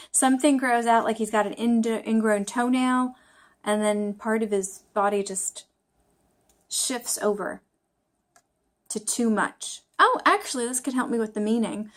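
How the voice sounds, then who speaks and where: A woman's voice: fairly high pitch, unhurried. A woman talking casually to camera in a study vlog, thinking aloud, joking about her own mistakes, with frequent fillers and restarts. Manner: chatty, self-deprecating, thinking aloud with fillers. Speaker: language-learning vlogger.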